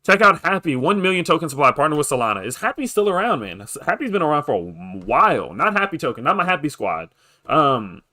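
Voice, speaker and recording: Young guy live streaming crypto stuff, kinda high voice, bouncing all over, hyping chat for likes. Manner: hyped, pushy about likes, shout-outs. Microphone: desk microphone.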